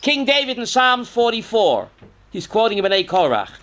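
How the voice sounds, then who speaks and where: Animated high-voiced man teaching scripture. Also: normal speed. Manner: animated, reads Hebrew verses aloud and translates, questions the audience. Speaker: rabbi. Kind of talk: Torah class lecture.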